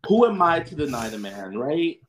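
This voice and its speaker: A man co-hosting a casual TV recap, summarizing the plot in a relaxed, joking way. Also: fairly high pitch, moderate pace. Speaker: podcast co-host.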